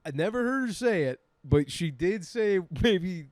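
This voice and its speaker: A man co-hosting a comedy podcast, telling stories in a loose, animated way and laughing often. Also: high voice, measured pace, no room sound. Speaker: podcast co-host. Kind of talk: casual comedic banter.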